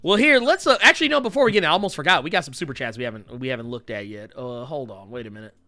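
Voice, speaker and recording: A man's voice: medium pitch, animated, rapid-fire, sharp tone, dry recording. A man in his thirties hosting a podcast, talking animatedly, laughing and swearing freely. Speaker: podcast host. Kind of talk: casual chat.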